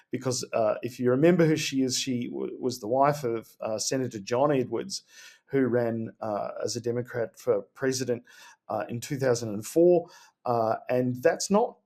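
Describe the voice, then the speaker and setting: An earnest podcast co-host, speaking at a middling pitch. He often stops and restarts his sentences, hunting for the next word as he goes. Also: a little mellow. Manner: hesitant, many fillers and restarts, earnest. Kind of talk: casual podcast chat.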